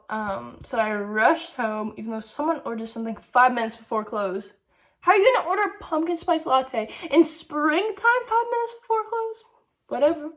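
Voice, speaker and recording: A woman telling a casual diary vlog story, rambling and chatty, full of "like" and quick asides. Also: a little high. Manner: rambling, chatty, heavy use of "like". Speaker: vlogger.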